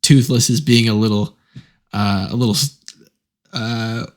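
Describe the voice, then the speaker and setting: A man co-hosting a podcast in casual chat, relaxed and a little hesitant. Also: on the low side, measured pace. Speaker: podcast co-host.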